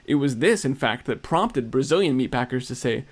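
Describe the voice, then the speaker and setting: Male narrator, mid-pitched voice, brisk and pointed commentary delivery. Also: expressive. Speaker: video narrator.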